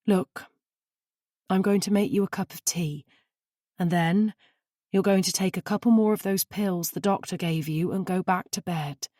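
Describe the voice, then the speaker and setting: Woman voicing a soft, soothing friend. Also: lowish voice, normal speed, no room sound, clean studio sound, natural voice. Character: caring, steady woman friend, gentle and protective.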